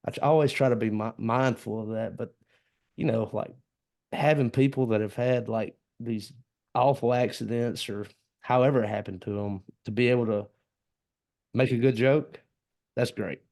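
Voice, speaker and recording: A man's voice: mid-range voice, steady tone, moderate pace, a little mellow. A man with a Southern US accent hosting a casual podcast chat, talking earnestly and easily, with folksy comparisons. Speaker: podcast host.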